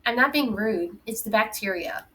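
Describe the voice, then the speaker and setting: A grumpy old man trapped in a teenager's body, as a woman reading a storybook puts him on, blunt and sardonic in every remark. The voice is bright and clear, with a scoffing edge. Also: a little high, animated, moderate pace, rough recording. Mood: lecturing.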